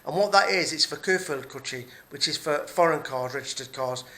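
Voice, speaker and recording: In this angry personal rant, a middle-aged British vlogger curses and keeps repeating himself. His fairly high voice is bright and forceful, delivered at a moderate pace.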